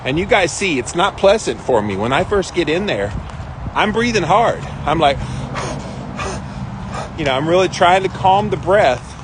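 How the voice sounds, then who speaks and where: A middle-aged man hosting a casual live stream outdoors, greeting viewers by name and chatting about his ice bath routine. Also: on the high side. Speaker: host. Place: outdoors on a windy day. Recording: wind noise on the mic.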